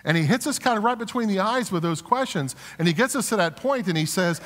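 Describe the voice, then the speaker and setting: Man, pastor, sermon, conversational storytelling, rhetorical questions, fairly high voice, long church reverb. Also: lively intonation, quick pace, few pauses, a bit bright. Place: church sanctuary.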